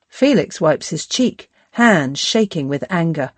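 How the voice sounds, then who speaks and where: Low-voiced woman narrating an audiobook. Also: lively intonation, measured pace, no echo. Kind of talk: scripted narration.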